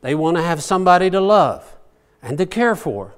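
An older pastor with a high-sitting, sing-song voice preaches a folksy, conversational sermon at normal speed. He asks rhetorical questions and chuckles along the way.

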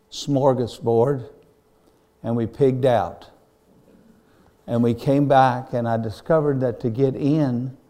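A man's voice: medium pitch, warm tone. An older man, preaching a sermon in a folksy, earnest storytelling style.

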